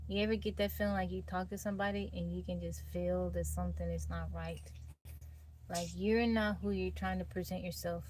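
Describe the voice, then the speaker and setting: A woman hosting a livestream, chatting casually with viewers and reading out their comments. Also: mid-range voice. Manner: laid-back, laughing, reads out and greets chat. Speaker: livestream host. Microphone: phone.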